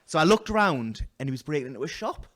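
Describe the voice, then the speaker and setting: A man doing a stand-up comedy set in a small venue, telling a story loudly with put-on voices and self-mocking asides. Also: fairly high pitch, big pitch swings, fast, slight background noise.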